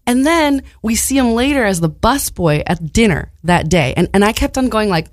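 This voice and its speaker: A woman's voice: moderate pace, no echo, clean studio sound. A woman co-hosting a casual chat, telling stories with lots of swearing and acting out the people she quotes. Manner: animated, acts out quotes with big pitch jumps, swears. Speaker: podcast co-host.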